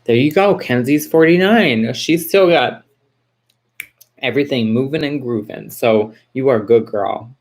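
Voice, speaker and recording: On her relaxed livestream, a forties-aged woman from Texas talks straight to viewers, reading out their comments and reassuring them warmly. She speaks a little slowly in an extremely low voice, rambling with frequent fillers and false starts.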